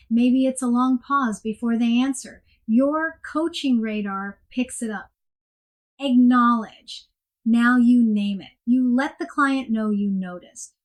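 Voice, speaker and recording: Measured woman teaching a coaching lesson. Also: fairly high pitch. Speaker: coaching instructor. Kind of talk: scripted instructional narration.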